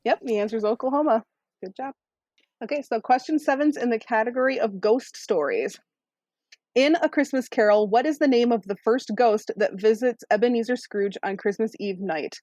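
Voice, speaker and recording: A woman hosting a trivia podcast, reading out questions in a brisk, upbeat quizmaster manner. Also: fairly high pitch, a little mellow, no echo. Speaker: quiz host.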